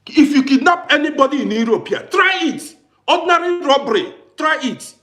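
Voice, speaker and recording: Vlogger, male, parent of adult kids: high voice that swings widely, hammers each point home. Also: animated, brisk, fairly bright tone. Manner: emphatic, repetitive, challenging. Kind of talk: ranting to camera. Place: living in Austria.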